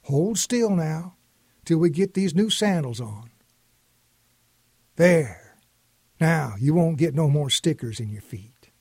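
A patient old grandfather with a folksy, coaxing drawl, as a storyteller puts him on. His husky voice sits a little high and moves at an unhurried pace. The sound is close and dry. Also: lively intonation, a little mellow, no echo, full character voice. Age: older.

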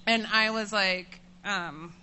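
Bright-voiced woman telling a candid story. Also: medium pitch, slow pace, slight background noise. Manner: candid and self-mocking, laughing between lines; animated, voices rising when furious. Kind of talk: personal story told to an audience.

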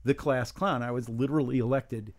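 Brisk and steady in tone, a medium-pitched man in his seventies from New York chats casually as a guest on a radio interview. The humor writer spins wry, meandering, self-deprecating tales.

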